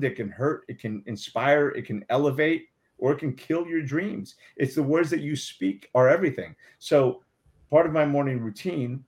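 A man speaking as a guest on a talk show, giving earnest, emphatic motivational advice and repeating affirmations. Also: mid-range voice.

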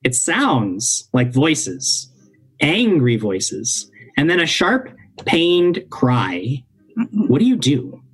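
A man's voice: mid-range voice, drawn-out words, slightly rough, poor audio. A man narrating as game master of a tabletop role-playing game, easygoing, with fillers and laughs. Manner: relaxed storytelling with fillers and laughs.

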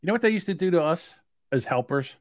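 A middle-aged man chats on a podcast and tells his stories with animation. His voice sits fairly high for a man and moves around a lot. The sound is dry and close to the mic. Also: fast talker, no echo. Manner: animated storyteller, acts out voices and yelps. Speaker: podcast co-host. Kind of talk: casual podcast chat.

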